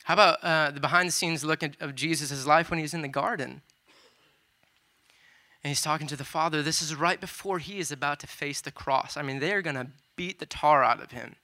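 A man preaching a sermon with a very bright, crisp voice, pitched a little above most men. He retells scripture in a loose, conversational way, dropping in casual asides. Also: brisk.

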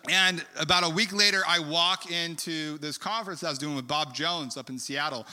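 Preacher man, bright forceful voice, rambling story sermon, echoing hall. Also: on the high side, fairly quick. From California. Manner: animated, rambling storyteller with many fillers. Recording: long hall reverb.

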